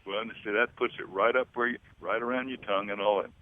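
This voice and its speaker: A man's voice: lowish voice, fairly even intonation, quick pace, dry recording, phone-quality sound. An older man in an interview, telling stories and coaching vocal sounds. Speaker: interviewee, backup singer. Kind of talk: storytelling interview chat.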